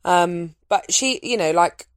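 A woman talks in a casual, lilting way, sitting a little low in her pitch. She swears freely and her voice jumps up sharply when she gets worked up. The sound is dry and close. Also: takes it slowly, no room sound. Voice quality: lilting speech. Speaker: comedian and podcast guest. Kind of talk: casual conversational chat.

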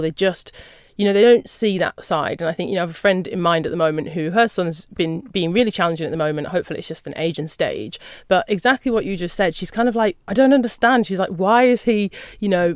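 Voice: medium pitch, no echo, studio quality. A podcast host answering a guest in a reflective, thoughtful way. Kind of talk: warm interview conversation.

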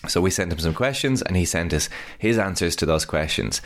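A man's voice: low-pitched, expressive, a little fast. An Irish man co-hosting a podcast in easygoing casual chat. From Ireland. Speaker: podcast co-host.

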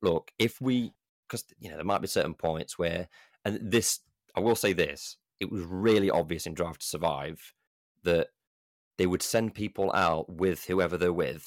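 Deep-voiced British man ranting casually. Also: no room sound, clean studio sound. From United Kingdom. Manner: blunt, rambling, swears freely, mimics others. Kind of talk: casual podcast chat.

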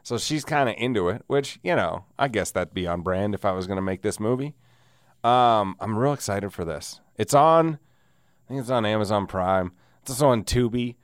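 A man's voice: on the low side, expressive, moderate pace, smooth, dry recording, studio quality. A man hosting a casual solo podcast, rambling and sardonic with frequent laughs, wheezing through a sinus cold. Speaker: podcast host.

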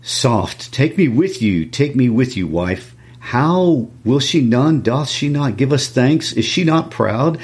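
A man's voice: mid-range voice, lively intonation, takes it slowly, few pauses, a little mellow. A man reading the part of a proud, indignant noble father in a classroom read-aloud, blustering through questions.

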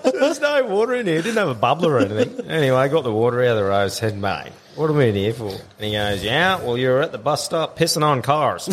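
A man's voice: medium pitch, very animated, a little fast, a bit bright, a little hiss or hum. An Australian man telling a story in casual podcast chat, swearing freely and laughing as he goes.

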